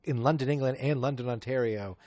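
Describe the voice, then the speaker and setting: A man's voice: mid-range voice, brisk, darkish tone, lightly acted. A man imitating a cranky, blustering middle-aged working-class man who barks questions with a tag "eh" and slings insults. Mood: defensive.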